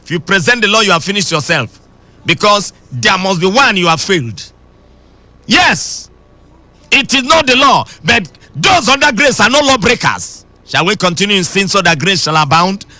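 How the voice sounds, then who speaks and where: Bright, lively preacher man. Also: sits high, normal speed, no echo, soft background music. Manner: emphatic preaching that swings between shouting and sing-song. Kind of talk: radio sermon.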